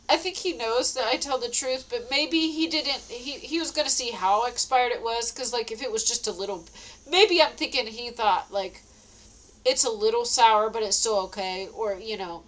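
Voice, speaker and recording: A woman's voice: on the high side, low-quality recording. Giggly tired woman telling a story. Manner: giggly, laughs often mid-story, repeats herself. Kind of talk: casual storytelling monologue.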